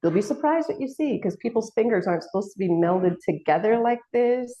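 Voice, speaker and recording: A woman's voice: a little high, lively intonation, brisk, dark tone. A woman hosting a casual spiritual discussion panel, talking earnestly and rambling, at times getting emotional. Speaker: panel host.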